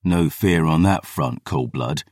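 A man voicing a weary, battle-hardened male vampire hunter who speaks low, hushed and clipped. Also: a little slow, dry recording, studio quality.

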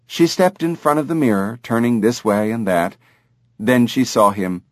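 A man narrating an audiobook in an expressive, animated reading style. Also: mid-range voice, normal speed, no room sound, clean studio sound. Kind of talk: scripted narration.

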